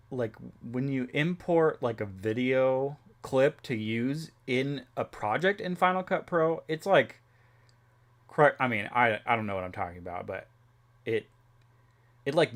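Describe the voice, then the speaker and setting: A young man chatting casually on a live stream, rambling with many fillers and restarts and laughing often. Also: medium pitch. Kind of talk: casual chat.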